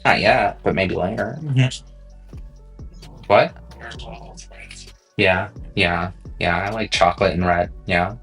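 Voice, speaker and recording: A man's voice: low-pitched, slow pace, long pauses, a bit bright. A tipsy man co-hosting a casual tarot livestream, rambling and full of "you know what I mean", with faint music behind. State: tipsy from drinking. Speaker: tarot reader co-host.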